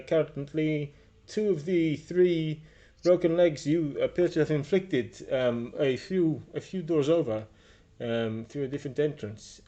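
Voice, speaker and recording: A man's voice: on the high side, dark tone, lightly acted. A man doing a shrewd Russian woman doctor. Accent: put-on Russian. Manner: formal, hesitant, businesslike upselling.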